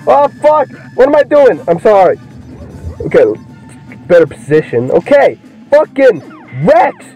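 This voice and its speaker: A young man doing let's play commentary, excitable, swearing constantly and yelling at the game. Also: very high-pitched, a little slow. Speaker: gaming video creator. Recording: muffled lo-fi mic with game music. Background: game music.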